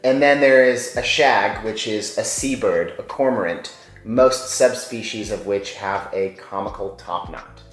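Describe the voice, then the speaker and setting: A man's voice: on the low side, measured pace. A man hosting a casual vlog, talking in a playful, jokey way. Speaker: vlog host. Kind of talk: casual chat. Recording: echoey room with faint music.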